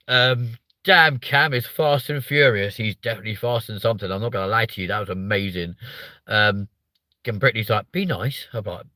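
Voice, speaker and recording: A man's voice: on the low side, bright, forceful tone, no room sound. A man from England hosting a live stream, chatting bluntly and swearing often while reading out viewer comments. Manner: blunt, sweary, reads chat aloud. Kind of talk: casual live stream chat.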